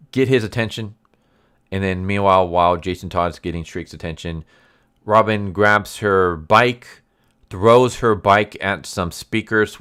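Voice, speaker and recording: Deep, smooth-voiced man recapping casually. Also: a bit bright. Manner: rambling, frequent fillers and restarts. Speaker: comic book reviewer.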